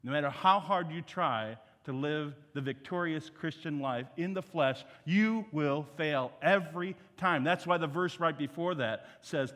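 A man's voice: a little high, unhurried, a bit bright. A middle-aged man preaching a sermon as guest speaker, emphatic and calling the congregation to repeat after him. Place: church sanctuary. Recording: church hall reverb.

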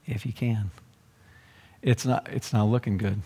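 Preacher acting out a doubting, halting father. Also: on the low side, fairly even intonation, warm tone, slightly rough, in a large hall, voice pushed down. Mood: hesitant. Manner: hesitant, halting, trailing off. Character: worried, doubting middle-aged father of a sick boy.

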